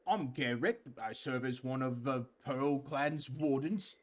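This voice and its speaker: A man's voice: a little high, brisk, natural voice. A man voicing a proud, muscular male clan warden in a put-on accented voice. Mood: stern.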